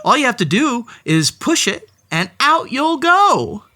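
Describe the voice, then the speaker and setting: A theatrical children's story narrator whose pitch swoops wildly up and down from line to line. The delivery is slow and unhurried, every phrase stretched out for young listeners, with a steady hiss of background noise under the voice. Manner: playful, theatrical, talks directly to the story's cat. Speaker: storybook read-aloud host.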